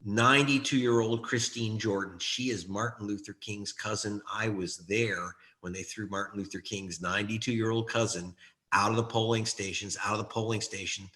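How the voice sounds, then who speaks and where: A man's voice: lowish voice, steady tone, moderate pace, sharp tone. A middle-aged man, an author and journalist, speaking as an interview guest in an impassioned, emphatic way that repeats key phrases.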